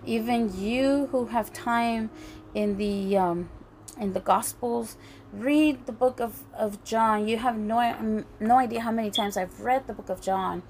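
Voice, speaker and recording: A woman preaching a sermon in an earnest, halting way, often restarting her phrases. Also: a little high, a little mellow, a little hiss or hum. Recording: faint music behind.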